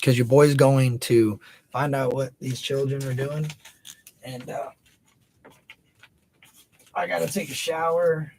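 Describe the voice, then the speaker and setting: A man in his thirties hosts a casual livestream in a mid-range voice at a moderate pace, recorded dry. He's laid-back, chatting loosely and hyping up viewers by name.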